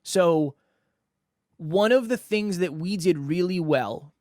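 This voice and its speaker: A man's voice: fairly high pitch, dry recording, clean studio sound. A man hosting a solo podcast, coaching listeners in an emphatic way that repeats key phrases and acts out example lines. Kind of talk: solo instructional podcast talk.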